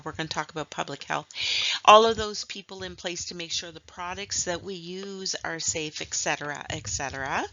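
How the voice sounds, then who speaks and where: Chatty woman lecturer with a bright voice. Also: lowish voice, lo-fi sound. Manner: conversational, explanatory, with asides and fillers. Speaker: nursing instructor. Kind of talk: recorded voice-over lecture.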